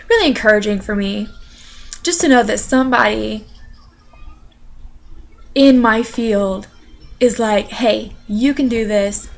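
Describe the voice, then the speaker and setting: A woman's voice: on the high side, creaky. A young woman, an interpreting student, telling her story in a casual, chatty way with many fillers. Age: young adult. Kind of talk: casual personal account.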